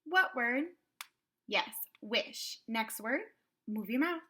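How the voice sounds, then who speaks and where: A woman teaching kindergarten phonics online, sounding out words slowly and clearly with cheerful prompts. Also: a little high, expressive, sharp tone.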